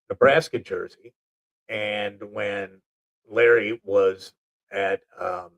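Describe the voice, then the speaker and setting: Man, show host, gravelly, lowish voice, rambling comedic rant. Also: low-quality recording. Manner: rambling, joking, full of asides. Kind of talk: casual comedic monologue.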